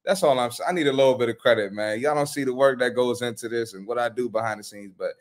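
A man's voice: medium pitch, quick pace. A man, a personal trainer, hosting a live reaction stream with blunt, profane, slangy commentary.

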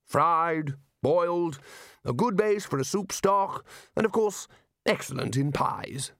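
Brief: man doing a bossy, hearty elderly wizard boss, booming and brisk. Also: animated, a bit bright, no room sound, studio quality. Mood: cheerful. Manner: booming, brisk and cheerfully dismissive. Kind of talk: audiobook character voice.

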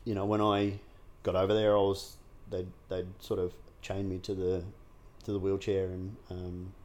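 Male guest, low voice, raw and frank, salty language, loose conversational delivery with fillers. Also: completely flat delivery, moderate pace, a little mellow, a little hiss or hum. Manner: frank and unguarded, heavy swearing, many fillers and restarts. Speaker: guest sharing his recovery story. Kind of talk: candid conversational interview.

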